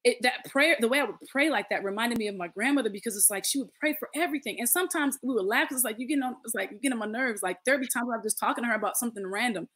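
A woman's voice: a little high, rapid-fire, few pauses, a bit bright. A woman in her late thirties, a podcast guest, telling a personal story in casual conversation, earnest and acting out the voices of others. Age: late 30s.

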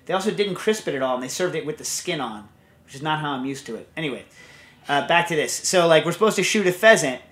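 In this clip a man with a fairly high, expressive voice and a fairly bright tone talks fast while hosting a casual podcast. He rambles from one story to the next, full of fillers and restarts, and reads a listener's question in that same loose, chatty way.

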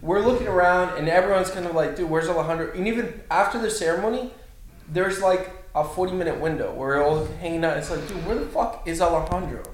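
A man's voice: high-pitched, fast, reverberant, a little hiss or hum, low-quality recording. A young man in casual chat, teasing and skeptical, swearing as he recounts events.

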